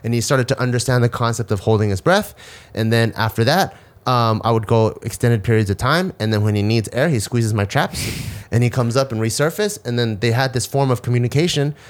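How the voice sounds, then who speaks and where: Profane animated male storyteller. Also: mid-range voice, fairly quick. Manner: profane animated storyteller who acts out quotes. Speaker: podcast co-host. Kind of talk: casual chat.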